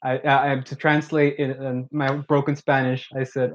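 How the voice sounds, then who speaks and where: A man in casual podcast chat, easygoing and full of slang as he tells his story. His voice sits in an ordinary middle pitch. The recording is somewhat muffled and lo-fi. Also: little pitch movement, moderate pace. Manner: laid-back storytelling, slangy. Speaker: podcast co-host. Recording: dull lo-fi sound.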